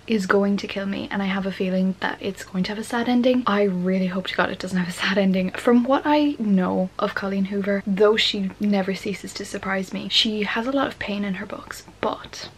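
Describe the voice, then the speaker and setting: A young woman talks straight to camera in a casual vlog from home. She gushes, swears freely and lets her emotions run high. Her voice sits at a middle pitch. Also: steady tone, normal speed, hardly any pauses, a little hiss or hum. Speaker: book vlogger.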